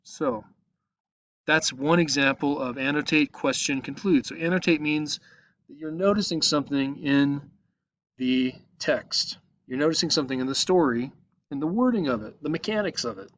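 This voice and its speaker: A man's voice: on the high side, moderate pace, a bit bright, no echo. Patient male teacher talking through his screen. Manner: patient, explaining step by step with frequent "okay?". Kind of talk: recorded online lesson walkthrough. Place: at a computer, screen recording.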